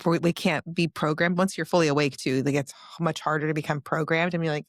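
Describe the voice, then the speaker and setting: A woman's voice: deep voice, steady tone, fast talker, no echo, studio quality. A woman, a podcast guest, telling a personal story in an earnest, tumbling, emotional way. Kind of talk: personal storytelling in a casual interview.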